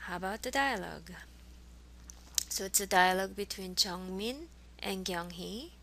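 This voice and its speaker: Gravelly bright-voiced woman teaching. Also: mid-range voice, animated. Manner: slow, overly enunciated model phrases, repeated for students. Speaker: Korean language teacher. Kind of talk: language lesson.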